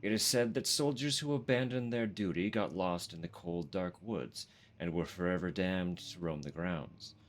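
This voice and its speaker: A Canadian man with a very low voice, streaming a horror game live. He reads the game's lore text aloud between chatty, self-deprecating asides, swearing freely and laughing often. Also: moderate pace.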